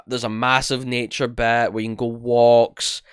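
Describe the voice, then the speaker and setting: A man's voice: mid-range voice, little pitch movement, a little slow, clear, resonant tone, no room sound. A young Scottish man co-hosting a podcast, telling rambling stories with lots of swearing and restarts. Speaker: podcast co-host. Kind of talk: casual chat.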